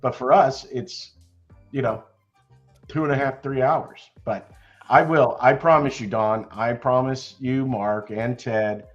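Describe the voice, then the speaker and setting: An older man chatting loudly and cheerfully on an online call about trading, laughing often. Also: medium pitch, fairly even intonation, takes it slowly, muffled recording, faint music behind. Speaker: stock trading chat member. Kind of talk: casual chat.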